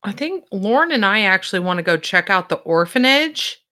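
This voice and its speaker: A woman's voice: mid-range voice, sing-song, normal speed, bright, forceful tone. A woman playing a tabletop game, talking in an easygoing, casual way. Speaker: player.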